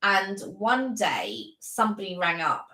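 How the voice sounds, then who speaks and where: Chatty female live-stream co-host, storyteller, medium pitch, roomy sound. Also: very animated, measured pace, sharp tone. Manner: chatty storyteller, many fillers and restarts. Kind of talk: casual live-stream chat.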